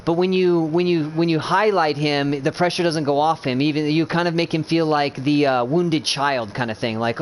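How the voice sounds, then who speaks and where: A man speaks over a casual gaming voice chat, his voice slightly high and carrying a faint hiss behind it. He is blunt and swears freely. He rambles through false starts while earnestly checking that his teammates follow him. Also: fairly quick, hardly any pauses. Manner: rambling, blunt and profane, many restarts; earnest, keeps checking he is understood. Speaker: gamer coaching teammates.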